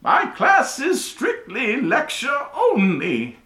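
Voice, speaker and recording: A frantic old wizard professor who bellows his lecture in a high, strained voice, stretching every word and circling back to repeat himself. The room around him rings with a roomy echo. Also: huge pitch swings, faint music behind, heavily acted. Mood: manic, shouting. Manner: shouting, drawn-out, rambling, repeats himself. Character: wild-haired old male history-of-magic professor, manic.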